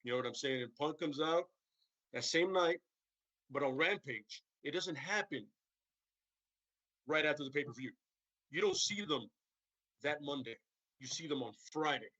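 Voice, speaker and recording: A man's voice: fairly high pitch, expressive, normal speed, long pauses, sharp tone, no echo, muffled recording. A man hosting a stream, rambling casually about wrestling storylines and tagging sentences with "right?" and "you know what I'm saying?". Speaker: stream host.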